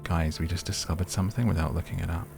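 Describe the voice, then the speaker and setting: A soft-spoken man with a very low voice giving slow, rambling, gently amused commentary on a game to help listeners sleep. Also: steady tone, vocal fry, music in the background. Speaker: gaming ASMR host.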